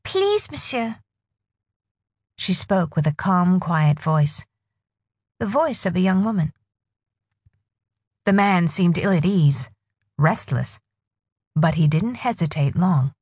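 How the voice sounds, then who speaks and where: A woman narrating a novel in a husky voice with expressive storytelling. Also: fairly low pitch, slow, pauses often, no echo, studio quality. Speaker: audiobook narrator. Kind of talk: scripted narration.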